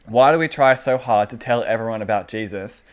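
A man's voice: mid-range voice, fairly quick. A man preaching to a small indoor group in a casual, conversational way, acting out the inner voices of his listeners. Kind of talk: casual informal sermon.

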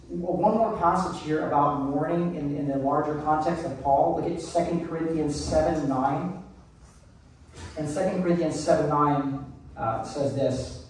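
A man's voice: fairly high pitch, darkish tone. Male pastor, casual earnest sermon delivery, distant mic, reverberant church room with faint background hum. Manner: conversational, earnest, with many restarts.

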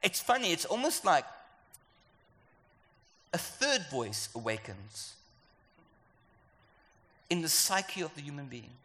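An animated, playful South African preacher acting out voices in his sermon. His voice is bright and fairly high. It carries a long hall reverb. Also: slow pace, long pauses. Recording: echoey hall.

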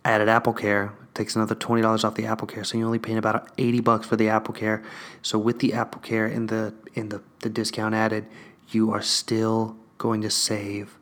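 A young man chatting casually to his viewers, excitable and profane, swinging between loud bursts and hushed asides. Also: on the low side, fairly quick. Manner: acts out whispered store dialogue. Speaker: vlogger. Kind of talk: casual chat to camera.

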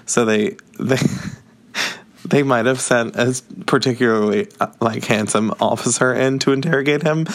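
A man's voice: mid-range voice, measured pace, pauses often. A young man casually recapping a book, candid and chatty, often breaking into laughter. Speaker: book reviewer.

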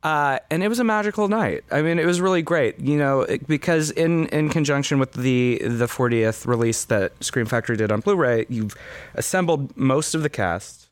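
A man of middle pitch hosts a podcast interview, easing into questions with frequent fillers. His voice sits close and dry on the mic with no room sound, and he talks in a relaxed, thoughtful way. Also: normal speed, clear, resonant tone, no echo. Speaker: podcast host. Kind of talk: conversational interview.

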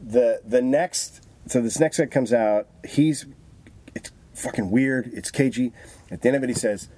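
A man in casual chat, telling profane, animated stories about his past work. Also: medium pitch, normal speed. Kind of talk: casual storytelling.

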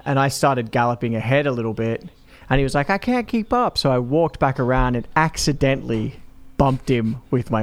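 A man's voice: mid-range voice, dry recording. A man casually telling stories about a video game, laid-back and laughing along.

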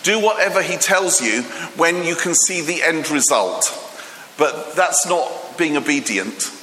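A man's voice: on the high side, animated, measured pace, sharp tone, slight background noise. A man preaching a humorous, chatty sermon, joking with the congregation and using many fillers. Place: church hall. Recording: echoey hall with long reverb.

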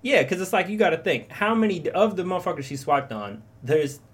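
This co-host's voice sits high, and he sounds expressive and brisk. In a casual chat, the young man rambles profanely and acts out quotes while telling his stories.

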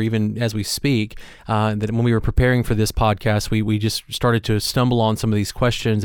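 A man's voice: medium pitch, clean tone, no room sound, clean studio sound. A man co-hosting a leadership podcast, talking in a thoughtful, earnest way with frequent fillers and restarts. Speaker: podcast co-host.

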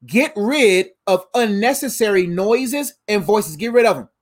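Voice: mid-range voice, animated, a little slow. Conversational preacher with playful asides. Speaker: pastor. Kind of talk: livestreamed sermon.

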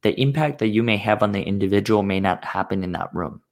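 A man hosting an interview, measured and asking his guest reflective questions. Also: on the low side. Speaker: podcast host. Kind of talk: interview conversation.

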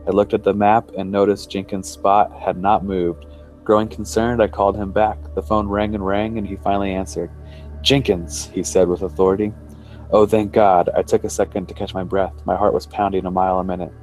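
A low-voiced man narrates a creepy first-person tale at a measured, suspense-building pace. Quiet music runs faintly beneath his voice. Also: little pitch movement. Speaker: podcast storyteller. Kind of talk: reading a first-person horror story.

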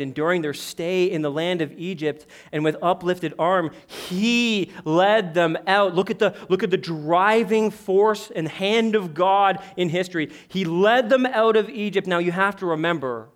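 A man preaching a sermon, emphatic, swinging between loud exclamations and quiet, hushed asides. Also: sits high. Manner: emphatic, rising and dropping to a hush. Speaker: pastor.

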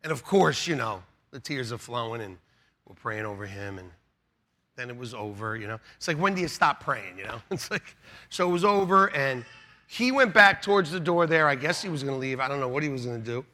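A middle-aged man, a pastor, preaching a sermon with animated storytelling, laughing and shouting out quotes. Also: mid-range voice, brisk.

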